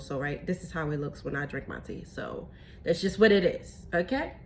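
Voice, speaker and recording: Woman, excitable home tutorial, phone recording, faint hiss. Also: deep voice, moderate pace. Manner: chatty, excitable, says y'all. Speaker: tea seller showing her teas.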